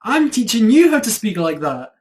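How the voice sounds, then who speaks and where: A performer playing a quirky Scottish accent coach with a Scottish accent, patient and a bit teasing, in an online student drama over a video call. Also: male voice, sits high, sing-song, moderate pace. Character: quirky Scotsman accent teacher.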